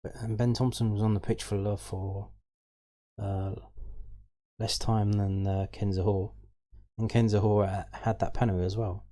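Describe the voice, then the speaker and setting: A man's voice: fairly low pitch, little pitch movement, measured pace, dark tone. A man hosting a football fan channel, talking through match statistics in a casual, hesitant way with many ums and restarts. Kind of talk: casual stats rundown.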